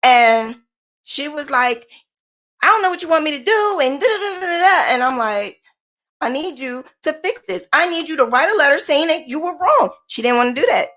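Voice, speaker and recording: A podcast host from the United States, this woman recounts events in a casual, emphatic way and hammers her points home through repetition. Her voice sits a little high. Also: normal speed. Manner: animated, emphatic, repeats points. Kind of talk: casual storytelling.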